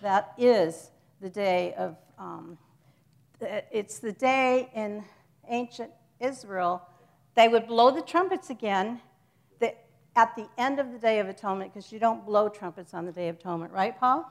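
A woman's voice: mid-range voice, unhurried, gravelly. A woman giving an informal church teaching to a congregation, chatty and joking with them, stopping to correct herself.

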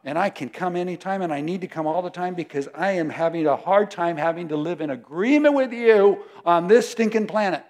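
A man preaching a sermon, emphatic, moving between loud declarations and hushed prayer. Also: sits high, brisk, hardly any pauses.

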